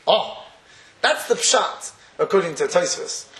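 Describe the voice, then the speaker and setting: A man's voice: high-pitched, lively intonation, fairly quick, a bit bright, reverberant. A man giving a Torah class, conversational and chuckling often as he acts out everyday scenes. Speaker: Torah teacher.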